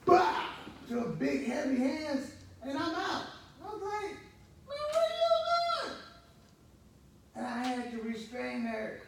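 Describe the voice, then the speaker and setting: A man in his fifties, a counselor, giving a rambling, vivid personal testimony in a counseling group. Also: fairly high pitch. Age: 50s. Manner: rambling, repetitive, vivid storytelling. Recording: echoey room from far off, faint noise.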